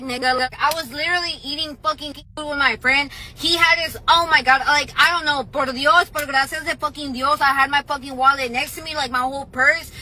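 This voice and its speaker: A woman tears through an angry story full of swearing and loud bursts. Her voice sits high and cutting, and a faint hiss runs behind her. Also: low-quality recording. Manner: heated, profane, loud outbursts.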